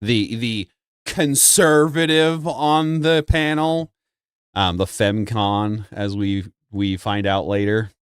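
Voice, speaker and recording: A man co-hosting a live stream, giving rambling, mocking casual commentary and often mimicking people in a higher voice. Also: steady tone, takes it slowly, smooth, no echo, studio quality. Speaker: co-host.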